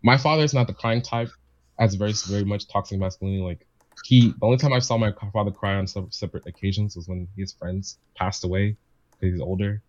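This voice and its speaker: A man's voice: fairly low pitch, fairly even intonation, fast talker, a little mellow, dry recording, dull audio. A man in casual chat, telling a personal story in a rambling way, often repeating himself and quoting his family.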